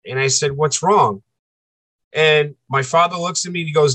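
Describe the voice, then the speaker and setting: Male interview guest, earnest and halting storyteller; slightly raised pitch, dry recording. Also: pushed and bright, no room sound, low-quality recording. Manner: earnest, halting, repeats himself for emphasis. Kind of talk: personal storytelling.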